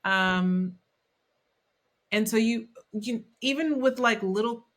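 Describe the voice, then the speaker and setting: A woman teacher co-hosting a podcast in casual chat, animated and quick to act out children's voices. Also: fairly high pitch.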